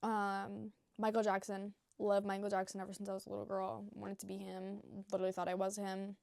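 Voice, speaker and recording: Young woman rambling on her vlog, gushy, swears a lot, mid pitch, dry close sound. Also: completely flat delivery, brisk, creaky, a little mellow, no room sound. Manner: rambling and gushing, heavy on fillers and swearing. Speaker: new vlogger. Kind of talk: casual unscripted vlog chat.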